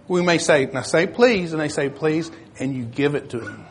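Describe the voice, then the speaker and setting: Older man preaching in a husky voice. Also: fairly high pitch, animated, moderate pace. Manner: plain conversational preaching, reads scripture aloud; searches for verses, self-correcting. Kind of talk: sermon.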